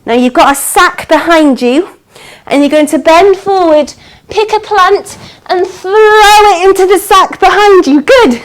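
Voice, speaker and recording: Animated woman leading kids' story yoga. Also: very high voice, measured pace, poor audio. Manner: animated, coaxing instructions with gasps and exclamations. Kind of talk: storytelling yoga class for children.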